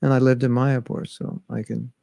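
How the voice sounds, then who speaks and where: A man's voice: medium pitch, flat delivery, moderate pace, gravelly, dark tone, no echo. A man giving a spiritual class, talking conversationally and reciting verses in Bengali and Sanskrit. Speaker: spiritual teacher. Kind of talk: scripture class lecture. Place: recorded at home during travel restrictions.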